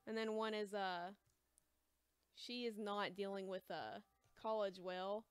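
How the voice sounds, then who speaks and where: A young woman with an American accent chatting casually while selling comics on a livestream, hesitant and rambling, calling herself quiet and awkward. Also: medium pitch, steady tone, slow pace, clear, resonant tone, no echo. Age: young adult. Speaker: shop livestream seller. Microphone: close mic, chewing gum.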